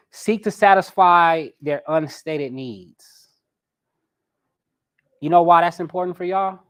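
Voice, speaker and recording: Guy running a live coaching class, kinda high voice, lively and talking right at the crowd. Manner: lively, talks straight to his audience. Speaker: personality coach.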